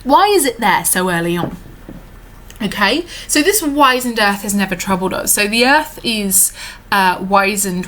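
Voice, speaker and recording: A woman's voice: medium pitch, a bit bright, slight background noise. Teacher woman explaining a poem. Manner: explains step by step, many fillers, reads lines slowly. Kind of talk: recorded lesson on a poem.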